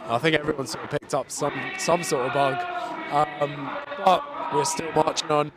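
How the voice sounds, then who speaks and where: A man co-commentating at a football match while getting over a cold, speaking hesitantly with many pauses and restarts. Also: on the high side, steady tone. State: recovering from a cold. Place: outdoor football stadium. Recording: clear outdoor ambient noise.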